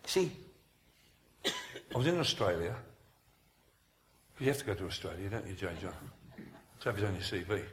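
Male preacher; animated, joking delivery, swooping pitch, echoey hall sound. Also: moderate pace, long pauses, slight background noise. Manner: animated storytelling, jokes and asides. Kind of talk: humorous sermon at a conference.

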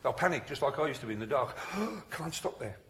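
Animated preacher man, bright voice. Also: mid-range voice, brisk, echoey room, slight background noise. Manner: animated, laughs often, shouts commands. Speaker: senior clergyman preaching. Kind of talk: humorous sermon storytelling.

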